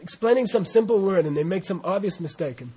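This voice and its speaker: An American man giving an informal Buddhist teaching, rambling and animated, often laughing and saying "you know". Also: high voice, fast talker, husky. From United States. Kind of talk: informal dharma talk.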